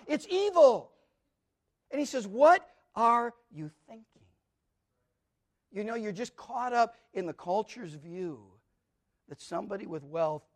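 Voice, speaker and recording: A man preaching a sermon, emphatic and repetitive, swinging from loud declarations to hushed asides. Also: extremely high pitch.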